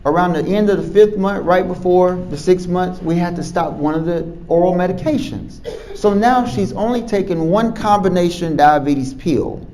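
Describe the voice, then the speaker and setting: A man who is a doctor, telling a patient story to camera in an animated way, chuckling and repeating words as he goes. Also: high voice, moderate pace, slight background noise, poor audio. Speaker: physician.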